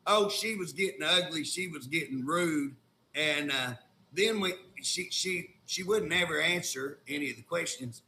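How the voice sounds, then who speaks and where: A man's voice: fairly high pitch, unhurried, bright, forceful tone, echoey room, a little hiss or hum. A man with an Oklahoma accent, a state legislator telling a story in folksy, indignant, casual talk with colloquial grammar. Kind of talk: casual talk show conversation.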